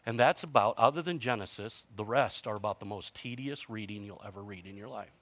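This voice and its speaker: A man's voice: lowish voice, a little fast, fairly bright tone, no echo. A man in his fifties preaching a sermon in a conversational storytelling way, with self-mocking humor and frequent restarts. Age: 50s. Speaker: pastor.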